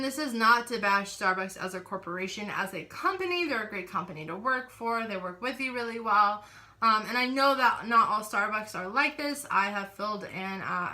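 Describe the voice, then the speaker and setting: A young woman rants to her camera in a casual, unfiltered way, blunt and sarcastic and quick to curse. Her voice is bright and forward, and she lets her frustration show without holding back. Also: mid-range voice. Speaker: vlogger.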